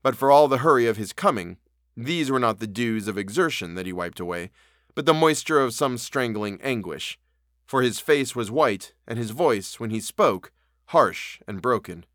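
A man reading a classic story aloud as narrator, in steady, measured storytelling. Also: medium pitch, no echo, clean studio sound.

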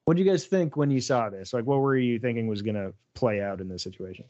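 A man's voice: mid-range voice, fast, a little mellow. A man hosting a podcast, leading a casual discussion in a laid-back way. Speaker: podcast host. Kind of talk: casual chat. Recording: muffled sound.

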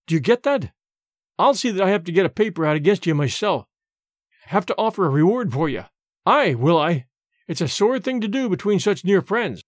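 A desperate Highland man, voiced by a male reader, pleads with earnest urgency in a storybook reading. The voice rises high and swings widely in pitch. The sound is dry and close. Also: no echo.

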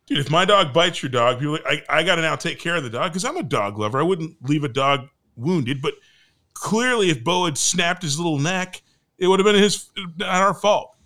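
A man's voice: on the high side, expressive, normal speed, bright, forceful tone. A man co-hosting a comedy podcast, telling rambling stories in casual chat with lots of restarts. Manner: rambling storyteller with many restarts. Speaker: podcast co-host.

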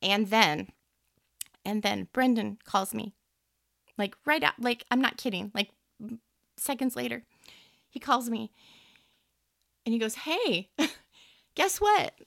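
A woman host and teacher chatting casually about faith, animated and leaping up in pitch whenever she quotes someone. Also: a little slow, vocal fry, pauses often, no echo, studio quality. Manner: animated, jumps high when quoting people.

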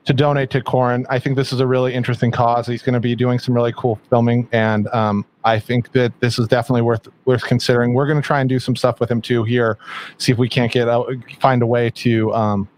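A man's voice: mid-range voice, flat delivery, quick pace, a little mellow, slight background noise. A man co-hosting a podcast who keeps the talk moving with easygoing questions. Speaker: podcast co-host. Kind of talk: casual podcast chat.

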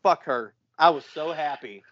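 A man in his forties, a podcast co-host, telling a profane story with lots of swearing and loud sound effects. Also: on the high side, moderate pace, lo-fi sound, very noisy. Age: 40s.

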